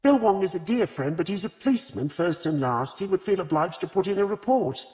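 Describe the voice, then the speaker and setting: A man's voice: high-pitched, expressive, brisk, darkish tone, pitched above the performer's own voice. A man reading the lines of a brash, prickly middle-aged woman sleuth in an audiobook, talking sharply and indignantly. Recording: reverberant, slightly dull audiobook recording.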